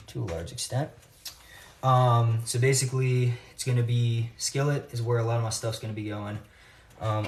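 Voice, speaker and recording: A man talking casually to camera while he cooks in his home kitchen, thinking aloud as he goes. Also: medium pitch. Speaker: home cook vlogger. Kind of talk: casual cooking vlog chat. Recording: roomy, distant, noisy kitchen audio.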